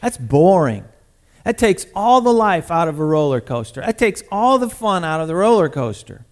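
A man with a fairly high voice delivers a sermon in a loose, talkative style, speaking straight to the people in front of him. He leaps from loud bursts down to soft, low asides. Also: fairly quick. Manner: animated, conversational preaching with sudden loud bursts and soft drops; talks to the congregation directly, calling on people by name. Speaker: preacher.

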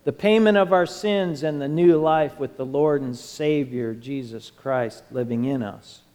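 A male pastor preaches a sermon in an impassioned, rising-and-falling cadence full of repetition. His mid-range voice is a little slow and somewhat mellow. Recorded in a church sanctuary, the audio carries long hall reverb with music underneath.

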